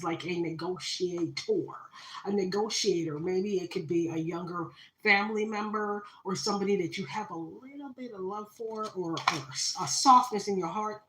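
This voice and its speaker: A woman reads tarot cards live, talking dramatically to her viewers. Her voice is bright and her speech is full of fillers. She is recorded on a phone in an echoey room. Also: medium pitch. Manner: dramatic, spiritual, talks to viewers, many fillers. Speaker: tarot reader. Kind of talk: live-stream tarot reading.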